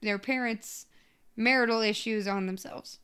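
Casual woman with a high voice, trading reactions in a game chat. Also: steady tone, a little slow, a bit bright, clear, resonant tone. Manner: chatty, chiming in with short reactions.

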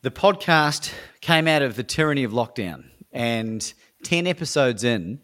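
Australian man, interview guest, energetic storyteller, mid-pitched voice. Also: unhurried. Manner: energetic, acts out dialogue, frequent restarts. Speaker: guest, speaker and coach.

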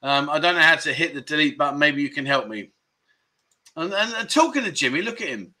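Man, livestream host, casual chat, cheerful greetings, bright ringing voice. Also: on the high side, animated, fairly quick. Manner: cheerful, greets viewers one by one, chuckles often.

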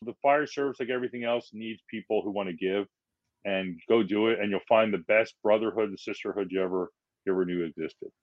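A firefighter from Philadelphia, a man telling stories as a podcast guest, acting out the people he quotes in lively voices. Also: lowish voice, fairly quick, no echo, narrow, tinny audio. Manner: animated, acts out quotes in changing voices. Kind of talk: casual storytelling in a podcast interview.

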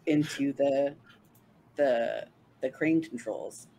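An eager player in a tabletop role-playing game who talks slowly and casually, dropping swear words. The voice sits at a middle pitch. Faint noise hums underneath. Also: mellow, low-quality recording.

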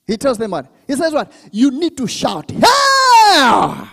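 A male pastor preaching in a church service, his voice very high and swinging widely in pitch. He calls out to the congregation for answers and breaks into shouts and speaking in tongues. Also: huge pitch swings, a little slow, husky, long reverb tail. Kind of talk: sermon.

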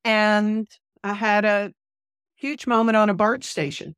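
A woman minister telling a personal story as a podcast guest, with an animated, earnest delivery that acts out the dialogue she quotes. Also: mid-range voice, measured pace, clean tone, dry recording, clean studio sound.

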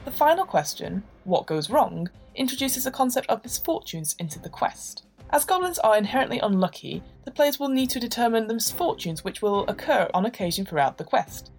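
A woman game master narrating a tabletop session and explaining its rules in a clear, measured way. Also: fairly high pitch, very animated, darkish tone, soft background music.

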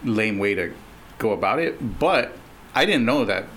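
A man's voice: lowish voice, lively intonation, a little slow, a bit bright, a little hiss or hum, low-quality recording. A man co-hosting a podcast, chatting casually about a movie in an easygoing way with lots of fillers. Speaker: podcast co-host. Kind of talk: casual movie review chat.

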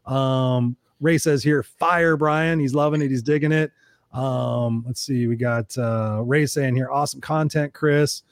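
A middle-aged man hosting a show, telling stories in casual chat, animated and swearing freely as he acts out quotes. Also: medium pitch, a little slow, no echo, studio quality. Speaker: podcast host.

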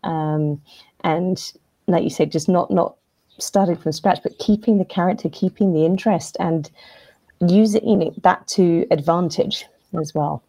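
A woman's voice: lowish voice, measured pace, dark tone, no room sound. A woman talking as a guest in a casual livestream discussion, thoughtful, with many fillers and restarts.

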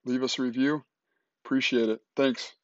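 A man hosting a podcast, wrapping up and bantering in a relaxed, joking way. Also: medium pitch, normal speed, dull audio. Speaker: podcast host. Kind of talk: casual podcast chat.

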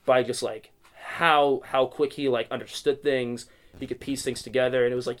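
A man's voice: medium pitch, fairly even intonation, moderate pace, fairly bright tone. A man being interviewed as a guest wrestler, talking casually and rambling with many filler words.

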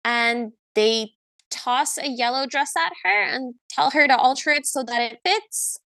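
A young woman co-hosting a casual podcast, talking in a high, bright voice and recapping a film with lively energy. She keeps slipping into quoted lines as she goes, and her voice sounds close and dry. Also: unhurried, gravelly, no echo. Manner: animated, acts out quoted lines. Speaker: podcast co-host.

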